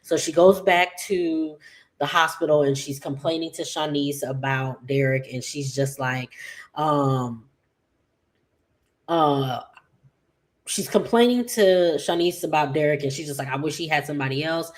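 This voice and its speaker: A woman giving a casual, rambling recap of an episode, with many fillers and quick paraphrased quotes. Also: sits low. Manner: chatty, rambling, full of "like" and "just like". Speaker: soap opera recap vlogger.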